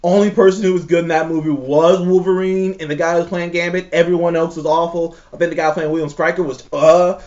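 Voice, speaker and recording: A man's voice: a little high, fairly even intonation, brisk, few pauses, a little mellow. A man ranting in casual chat, profane, exasperated and emphatic. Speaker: show co-host ranking movies. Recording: slightly dull lo-fi recording.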